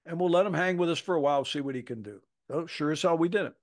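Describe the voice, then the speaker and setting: A man's voice: on the high side, fast. A man in his seventies, a football coach, telling a story on a podcast, acting out the quoted voices with salty language. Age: 70s.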